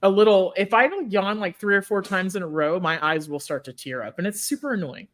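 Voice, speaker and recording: A woman hosting a podcast in casual chat, sleepy, jokey and often laughing. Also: mid-range voice. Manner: laughing, jokey, drawn-out yawny delivery. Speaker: podcast host.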